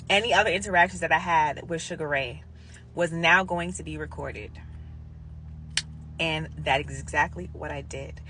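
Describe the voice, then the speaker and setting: Woman, casual storyteller vlog, bright voice, animated quote voices, drops to whispers. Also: a little hiss or hum. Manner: animated, acts out quotes with big pitch jumps and whispers. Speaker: hospice nurse.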